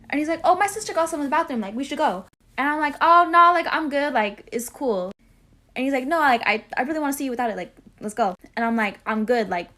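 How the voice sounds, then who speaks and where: A woman's voice: high voice, a bit bright. Chatty young woman telling a dating story. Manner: chatty, lots of "like", acts out both sides. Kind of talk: casual storytelling.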